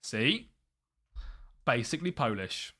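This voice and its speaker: A man's voice: medium pitch, big pitch swings, slow, bright, forceful tone. A young British man chatting casually on a live gaming stream, muttering to himself and laughing often.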